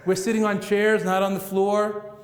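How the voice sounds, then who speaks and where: Male Buddhist teacher, middle-aged, playful and rhythmic, slightly high voice, hall reverb. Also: level tone, normal speed. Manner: playful, rhythmic, laughs at his own jokes. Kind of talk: dharma talk to an audience. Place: large meeting room with audience. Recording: echoey hall, roomy reverb.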